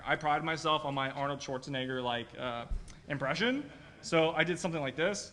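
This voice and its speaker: A man presenting a live software demo to a room of video editors, talking quickly and casually and checking in with the audience. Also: fairly high pitch. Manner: quick and chatty, keeps asking "right?". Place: meeting room at a live user-group meet.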